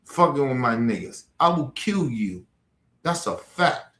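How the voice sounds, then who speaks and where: A man's voice: medium pitch, sing-song, measured pace, a bit bright, slight background noise. A man delivering an angry, profane, threatening rant as a livestream host. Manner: profane, heated, threatening, repetitive. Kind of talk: angry ranting monologue. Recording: echoey room.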